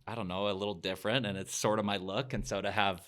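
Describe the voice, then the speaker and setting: A man's voice: fairly low pitch, fairly even intonation, fast talker, fairly bright tone. A middle-aged man, a podcast guest, telling a personal story in an earnest, reflective way. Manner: earnest, reflective, sometimes emotional.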